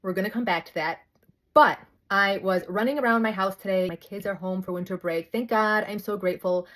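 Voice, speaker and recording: A woman's voice: mid-range voice, fairly quick. A woman in her thirties, a bit out of breath, talking chattily into her phone, breaking off and restarting her sentences. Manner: chatty, self-interrupting, animated storytelling. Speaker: host. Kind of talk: casual talk to camera. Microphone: phone held close.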